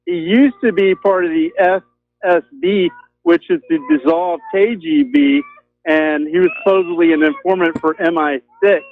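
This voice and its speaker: A man's voice: high-pitched, lively intonation, moderate pace, soft background music. A man calling in to a talk show, rambling with lots of ums and you-knows. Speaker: caller. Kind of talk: casual call-in chat. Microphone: telephone. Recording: tinny phone line.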